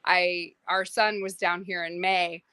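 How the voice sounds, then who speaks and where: A woman who cooks aboard a charter yacht talks through her day in a casual interview. Her voice is bright and crisp in a dry, close recording. She fills her talk with ums and lively asides. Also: lowish voice, takes it slowly, no echo. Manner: animated, many fillers, acts out quotes. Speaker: private yacht chef and crew.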